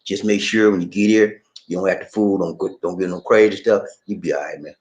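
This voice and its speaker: A man's voice: deep voice, fairly quick, echoey room, lo-fi sound. A man from Charleston with a Gullah Geechee accent, hosting a casual live-stream chat from his home and reading viewer comments. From Charleston, South Carolina. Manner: animated, laughs often, reads viewer comments. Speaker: vlog host. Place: home in the Philippines.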